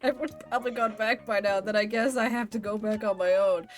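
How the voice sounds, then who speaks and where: A woman's voice: medium pitch, fast, soft background music. A woman streaming a game live, reading the dialogue aloud in playful voices and chatting between lines. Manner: animated, reads characters' lines with playful voices and laughs.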